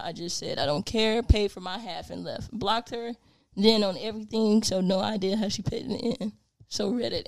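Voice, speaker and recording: A woman's voice: mid-range voice, no room sound. Woman reading aloud on a dry mic. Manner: reads aloud with laughs, playful and teasing. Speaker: podcast co-host reading a listener post. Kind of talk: casual podcast chat.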